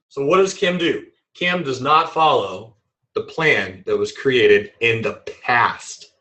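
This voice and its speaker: A man teaching a trading webinar in a playful, animated way, acting out examples as he explains them. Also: medium pitch, takes it slowly, rough recording. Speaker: trading instructor.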